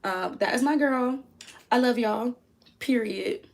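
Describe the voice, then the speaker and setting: A woman's voice: on the high side, slow, vocal fry, darkish tone, a little hiss or hum. Chatty young American woman streaming live. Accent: American English. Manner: chatty, sidetracked, reads chat aloud. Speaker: livestream host. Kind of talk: casual livestream chat.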